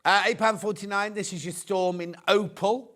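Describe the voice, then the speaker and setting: A man's voice: sits high, fairly even intonation, moderate pace, a bit bright. A middle-aged man hosting a live shopping show, chatting and joking as he rambles into anecdotes between prices. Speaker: shopping channel presenter.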